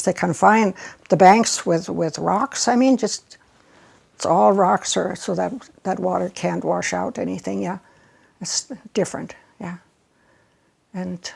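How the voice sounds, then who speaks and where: Casting: older woman, husky and gravelly, chatty storyteller in an oral history interview. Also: medium pitch, a little mellow. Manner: chatty and reminiscing, with frequent laughs.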